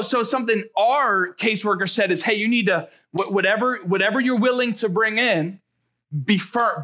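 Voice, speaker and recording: A young man preaching a sermon, telling a personal story and calling out to his congregation. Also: sits high. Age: young adult. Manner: animated, exclaiming, calls out to congregation. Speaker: pastor.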